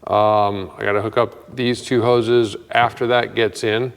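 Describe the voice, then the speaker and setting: In a casual workshop walkthrough, a mechanic talks over the customer's truck he's working on, musing aloud with lots of fillers and wry jokes at his own expense. His fairly low voice is smooth and unhurried with little change in pitch, and a long reverb tail follows his words.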